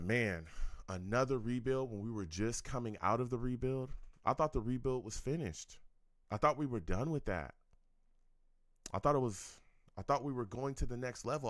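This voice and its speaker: Animated man hosting a sports talk stream. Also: mid-range voice, no echo, studio quality. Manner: animated, repeats himself, laughs often. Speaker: sports talk show host. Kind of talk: live-stream sports talk with chat shout-outs.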